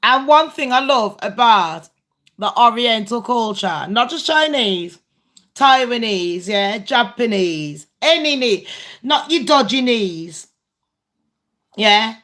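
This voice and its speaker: British woman, livestream chat, blunt, sweary, rambling, bright voice, fairly high pitch. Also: expressive, slow pace. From Britain. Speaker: channel host. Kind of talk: casual livestream chat with viewers.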